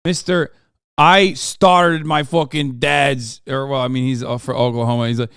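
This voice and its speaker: A man's voice: medium pitch, fairly even intonation, moderate pace, vocal fry, a bit bright, clean tone, no echo, studio quality. A man streaming a reaction video, talking to his chat in a sarcastic, profane way.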